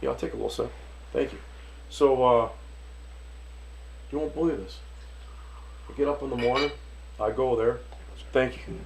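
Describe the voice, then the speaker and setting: A Detroit chef spins a lively yarn in a gravelly voice, jumping into the voices of the people in his story. He talks the loose, casual way a man does among friends. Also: mid-range voice, moderate pace, pauses often, slight background noise, poor audio. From Detroit, USA. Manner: animated storyteller, acts out voices, swears casually. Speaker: restaurant owner and chef.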